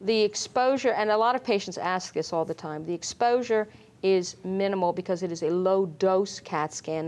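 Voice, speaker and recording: A middle-aged woman, a lung doctor, explaining screening in an interview, measured and full of fillers. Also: fairly low pitch, a little mellow. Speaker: pulmonologist guest. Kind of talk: medical interview.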